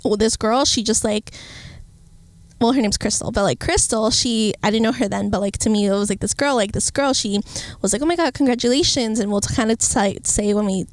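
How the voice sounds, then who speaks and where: A woman in her twenties vlogging in casual chat, talking with lots of "like" fillers and lively quoted asides, into an earpiece mic. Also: medium pitch, moderate pace, no echo. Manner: chatty, full of "like" fillers, animated quoting.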